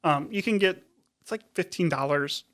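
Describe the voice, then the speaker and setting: A woman's voice: fairly low pitch, normal speed, a bit bright. A woman in her thirties co-hosting a podcast in casual chat, blunt and sarcastic, with casual swearing. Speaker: podcast co-host.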